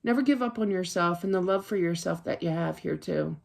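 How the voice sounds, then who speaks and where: A woman's voice: on the low side, brisk, vocal fry, darkish tone. A woman psychic card reader giving a casual spiritual reading to camera from her home office desk, rambling and chatty, with lots of fillers and restarts.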